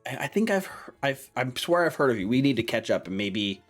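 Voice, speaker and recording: A man voicing a smooth-talking, flattering middle-aged town mayor in a tabletop game. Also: mid-range voice, fast, faint music behind. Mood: chummy. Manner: glib, hearty, flattering.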